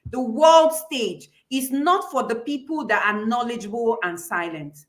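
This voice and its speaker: A woman's voice: on the high side, a little slow. A woman hosting an online class, affirming and encouraging her guest and listeners. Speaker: host of the class.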